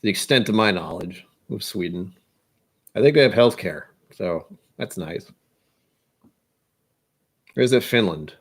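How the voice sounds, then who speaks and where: Young American man, whiskey vlog host, casual self-mocking musings, slightly low voice. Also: lively intonation, measured pace, long pauses. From United States. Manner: self-deprecating, musing aloud. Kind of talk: casual rambling monologue.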